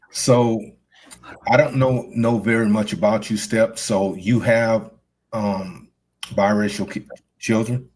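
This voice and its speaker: A man hosting a panel discussion, asking questions slowly and hesitantly. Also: lowish voice, fairly even intonation, a little mellow. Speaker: host.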